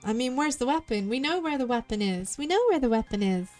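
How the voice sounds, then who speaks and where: West Country woman, VTuber game streamer, slightly high voice, rambly chat over faint game music. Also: expressive, a little mellow. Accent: West Country English. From southwest England. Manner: rambling, chatty, quick tangents. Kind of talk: let's play commentary.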